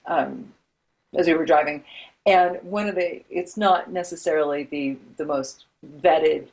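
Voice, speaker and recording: A woman's voice: deep voice, unhurried, a little mellow, low-quality recording. A woman co-hosting a writers' podcast in a casual chat, talkative and given to fillers and laughter. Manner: chatty, laughs often, hesitant fillers. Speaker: podcast co-host.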